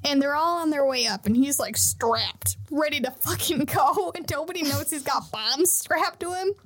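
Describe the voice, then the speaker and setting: Young woman podcast host, high voice, dry close mic, lively casual storyteller. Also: normal speed, no room sound. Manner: animated storytelling with swearing and laughter. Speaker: podcast host retelling an anime arc.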